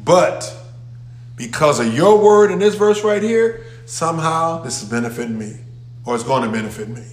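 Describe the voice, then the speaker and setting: A man's voice: fairly high pitch, expressive, normal speed. A man preaching a sermon to a congregation, emphatic and calling out questions to the people. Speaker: pastor. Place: church sanctuary with a congregation. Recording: echoey room.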